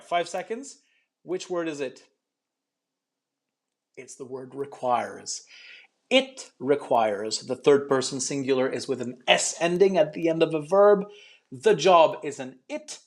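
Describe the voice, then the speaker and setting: A man's voice: on the high side, unhurried. A man teaching an online English pronunciation lesson, chatty and encouraging, explaining step by step with frequent ums.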